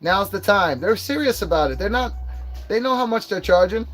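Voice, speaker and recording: Forty-something guy rambling on his livestream, cusses a bunch, kinda high voice. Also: animated, brisk. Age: 40s. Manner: profane, rambling storytelling with put-on quoted voices. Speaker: livestream host. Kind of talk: casual livestream chat.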